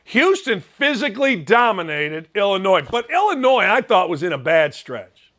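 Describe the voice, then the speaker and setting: A man with a Chicago accent from Northwest Indiana, his voice pitched high for a man. He talks bluntly and rambles with fired-up energy, mocking himself as he goes, like a sports talk host on a solo run. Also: sing-song, moderate pace, a bit bright.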